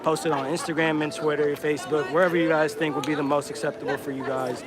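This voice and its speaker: A man's voice: on the high side, little pitch movement, fast talker. A man livestreaming from a street protest on a handheld phone, chatting directly to his viewers. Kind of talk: casual livestream narration. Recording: noisy street protest with crowd.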